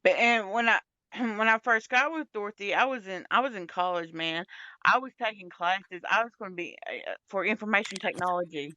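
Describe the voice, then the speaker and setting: A woman's voice: mid-range voice, fairly quick, sharp tone, dry recording, lo-fi sound. A young woman in casual, candid chat, blunt and rambling, swearing a lot. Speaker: podcast co-host.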